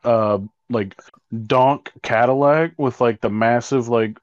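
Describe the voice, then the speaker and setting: A man's voice: mid-range voice, slow, clear, resonant tone, dry recording. Man, casual chat, rambling, exasperated, swearing, slightly muffled recording. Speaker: co-host telling a work story. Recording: dry, slightly dull recording.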